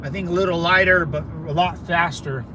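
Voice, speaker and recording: A man from California livestreaming from a vehicle, rambling excitably through viewer comments with lots of fillers. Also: fairly high pitch, brisk, background noise. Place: in a moving vehicle in a city.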